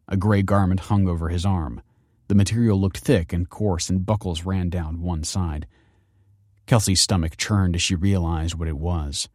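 A man reading a story aloud as narrator in a measured, understated way. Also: sits low, steady tone, darkish tone, no echo, clean studio sound.

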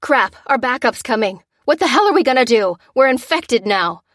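A woman voicing a panicked male army sergeant with frantic, alarmed shouting. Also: on the high side, animated, moderate pace, no room sound, studio quality, pitched above the performer's own voice.

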